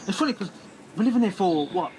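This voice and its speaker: A quick, chatty neighbour. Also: male voice, high-pitched, animated, background noise. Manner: quick, chatty, repeats himself. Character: sociable neighbour at a blackout barbecue.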